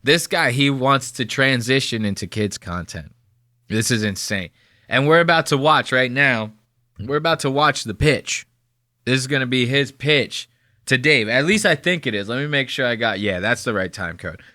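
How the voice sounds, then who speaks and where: A New Jersey man in his thirties hosts a podcast, delivering rambling, mocking commentary laced with swearing. His mid-range voice is animated, bright and forceful at a moderate pace, recorded in a clean studio with no echo.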